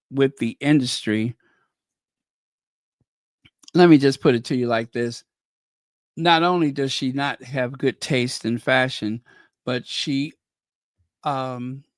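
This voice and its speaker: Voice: medium pitch, no echo, clean studio sound. A channel host giving chatty, opinionated commentary with laughing asides. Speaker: host of a royal news channel. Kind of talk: casual commentary.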